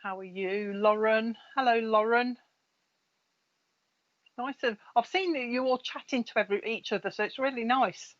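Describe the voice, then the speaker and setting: A woman's voice: a little high, moderate pace. A middle-aged woman, a spiritual medium chatting casually on a live stream, reading out viewers' names in a friendly, gossipy way. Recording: slightly dull lo-fi live-stream audio.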